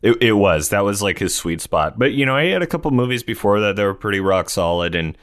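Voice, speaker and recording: A man's voice: on the low side, animated, fast, fairly bright tone, dry recording, studio quality. A man co-hosting a casual podcast, laid-back, laughing easily and swearing in passing. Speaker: podcast co-host.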